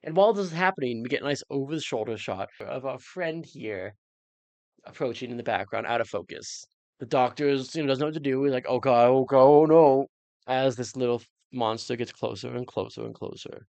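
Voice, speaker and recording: A man with a gravelly, fry-edged voice of middle pitch, recapping a TV episode in a loose, joking way. He rambles through his theories and leaps up in pitch when something surprises him. The sound is dry and close, with no room around it. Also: fairly quick, no room sound. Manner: jokey and rambling, with sudden excited jumps in pitch. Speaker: reaction channel host.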